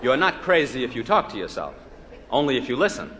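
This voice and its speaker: A man's voice: medium pitch, very animated, fairly quick, crowd noise. A man from the United States giving a humorous live lecture as a psychologist, telling jokes and quizzing his audience with rhetorical questions. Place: lecture hall before an evening audience. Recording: 1961 live lecture LP with hall reverb and faint noise.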